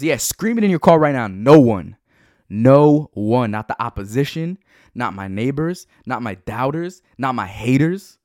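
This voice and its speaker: A man's voice: medium pitch, no echo. Hyped motivational man, dry sound. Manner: energetic, hyped, urges listeners to repeat affirmations. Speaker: podcast host. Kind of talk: motivational podcast talk. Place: home.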